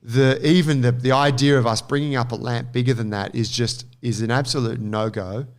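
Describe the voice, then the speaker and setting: A man, co-hosting a casual chat and telling an animated, sweary story. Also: mid-range voice, moderate pace. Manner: animated storyteller, swears freely, acts out quotes. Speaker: podcast co-host.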